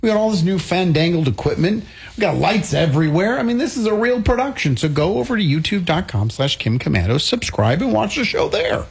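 A man's voice: high-pitched, a little fast, gravelly, husky. A man co-hosting a tech talk show from a studio, playful and joking as he tells stories. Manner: playful, joking, animated storyteller. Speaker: co-host. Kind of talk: casual tech show banter.

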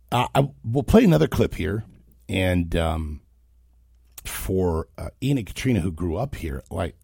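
A man's voice: low-pitched, expressive, measured pace, gravelly, long pauses, dark tone, breathy edge, no room sound, studio quality. A man hosting a talk show, giving opinionated, mocking political commentary.

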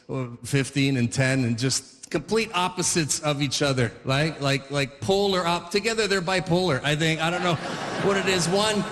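A man's voice: high-pitched, a bit bright, big-room sound. A man in his forties doing stand-up comedy, rambling and restarting his sentences as he chuckles through stories. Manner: rambling, self-interrupting, chuckling.

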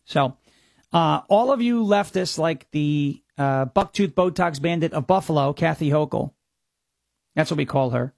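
A man's voice: fairly high pitch, measured pace, vocal fry, a little mellow, no echo, clean studio sound. A man from the United States hosting a political commentary podcast, mocking and sarcastic, rambling with many restarts. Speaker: host.

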